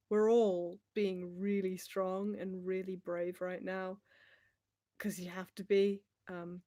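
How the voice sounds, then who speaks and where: A young woman chatting casually on a livestream, rambling and laughing often as she talks. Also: medium pitch. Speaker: livestream host.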